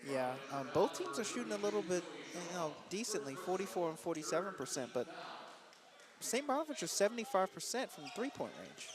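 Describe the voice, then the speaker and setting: A man giving color commentary on a live basketball radio broadcast, animated and chatty, often tossing in a "right?". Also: sits high, a little fast, over a noisy crowd.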